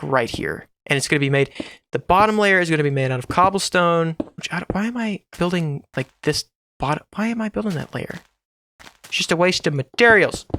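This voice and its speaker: A man's voice: fairly high pitch, fairly bright tone. A man hosting his own gaming channel, giving casual, rambling, jokey commentary to himself while he builds in a game.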